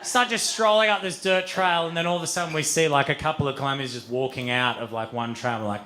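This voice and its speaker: Animated, swearing stand-up comedian. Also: male voice, fairly high pitch, fast talker, hardly any pauses. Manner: animated, swears freely, acts out voices with loud outbursts. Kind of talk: stand-up storytelling. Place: comedy venue stage with audience.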